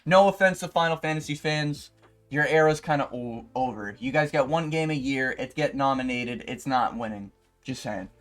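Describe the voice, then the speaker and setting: A young man YouTuber ranting in a profane, exasperated way, with sudden loud outbursts. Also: medium pitch, moderate pace, soft background music. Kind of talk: ranting commentary video.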